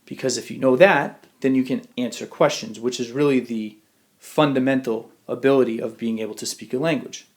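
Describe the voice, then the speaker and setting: Man explaining grammar in a screencast. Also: medium pitch. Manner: explanatory, rhetorical questions, slowed example phrases. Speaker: Spanish teacher. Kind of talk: screencast lesson.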